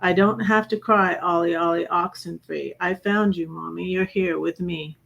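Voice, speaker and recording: A woman hosting a livestream, reading her own poems in a hesitant way with many pauses and fillers. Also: fairly low pitch, fairly even intonation, vocal fry, a bit bright, dull audio. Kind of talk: casual poetry reading on a livestream.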